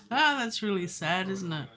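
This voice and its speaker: Brief: bright-voiced, chatty woman. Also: mid-range voice, big pitch swings, slow pace. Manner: chatty, digressive, self-mocking, laughs often. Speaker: musician livestreaming her songwriting. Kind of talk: casual live-stream chat. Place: home studio. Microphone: studio microphone.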